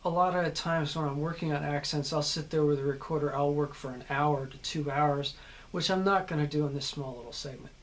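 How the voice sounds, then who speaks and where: A man's voice: on the high side, a little fast. American man giving a casual acting lesson. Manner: conversational, explanatory, checks in with "okay?". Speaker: actor teaching character work.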